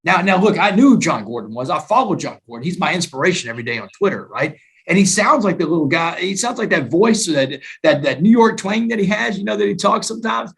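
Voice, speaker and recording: A man, a guest author telling his story in an emphatic, animated way during a talk-show interview. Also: high-pitched, fast, creaky.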